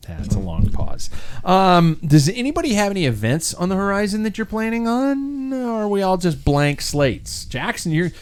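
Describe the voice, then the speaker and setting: A man's voice: high-pitched, huge pitch swings, moderate pace, hardly any pauses, clear, resonant tone. A man hosting a casual cycling chat, telling a rambling story with many restarts and fillers. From United States.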